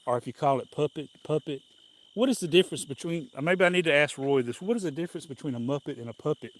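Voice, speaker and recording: A man's voice: a little high, quick pace. A man with a Southern US accent, hosting a casual live stream outdoors on a walk and telling rambling, folksy stories with frequent chuckles.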